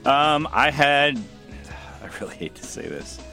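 A man's voice: mid-range voice, big pitch swings, creaky, bright, forceful tone, soft background music. A man co-hosting a casual wrestling chat, joking and quipping often. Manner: joking, quick quips, laughs a lot. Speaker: podcast co-host.

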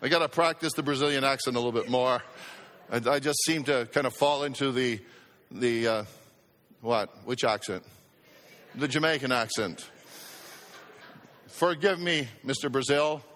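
A man's voice: medium pitch, normal speed, pauses often, fairly bright tone. A man preaching a sermon as pastor, emphatic, repeating phrases for effect and calling out to the congregation in a church sanctuary. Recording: long church-hall reverb.

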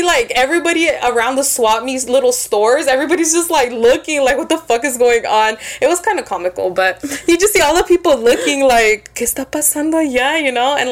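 A young woman co-hosting a podcast, telling an animated story in casual chat, swearing a lot and dropping in some Spanish. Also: high voice. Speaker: podcast co-host.

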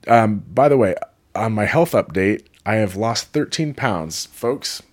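Man from California, low voice, rambling casual travel vlogger, enthusiastic and digressive. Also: expressive, unhurried.

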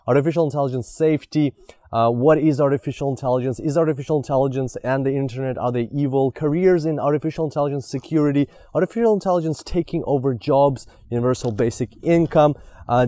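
A podcast host and native Russian speaker talks in a mellow, medium-pitched voice on a dry recording. Doing a podcast intro and interview, he's enthusiastic and filler-heavy, saying "like" often.

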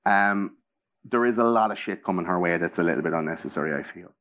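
A man's voice: deep voice, fast talker, fairly bright tone. Irish man in his thirties, casual host, rambling and profane. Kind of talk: casual chat.

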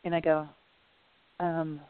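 A woman's voice: low voice, flat delivery, takes it slowly, background noise. Chatty woman telling stories over a tinny line. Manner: chatty, rambling, full of "you know" and quoted dialogue. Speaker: guest. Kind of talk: casual interview storytelling. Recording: phone-like audio.

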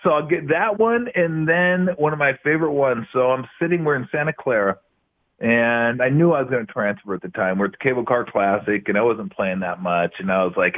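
A middle-aged man trades laugh-filled stories as a guest on a talk show. His voice sits at an ordinary pitch. It comes through a narrow, tinny phone-style line, as if he is calling in remotely. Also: fairly quick. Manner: animated, laughing anecdotes. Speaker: guest, former basketball player. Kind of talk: casual storytelling interview.

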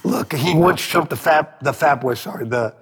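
A man being interviewed as a record producer, telling animated stories, acting out quotes and swearing freely. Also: a little high, normal speed, breathy edge, big-room sound. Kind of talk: storytelling interview.

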